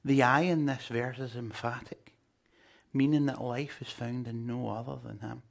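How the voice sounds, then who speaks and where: A man delivers a sermon with a gravelly, creaky texture in his voice. His pitch sits in an ordinary middle register. He leans hard on key words and slips in humorous asides to the congregation. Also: fairly even intonation, moderate pace. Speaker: preacher.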